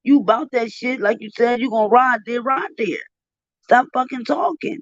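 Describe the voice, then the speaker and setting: A man's voice: extremely high pitch, normal speed, dry recording. A man giving heated, profane live commentary on a stream. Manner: profane, indignant, ranting. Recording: dull dry lo-fi stream audio.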